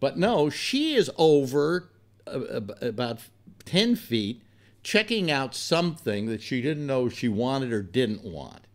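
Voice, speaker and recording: Older male talk host, blunt and profane rambling storyteller, lively animated delivery. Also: medium pitch, slow pace. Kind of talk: rambling personal anecdote.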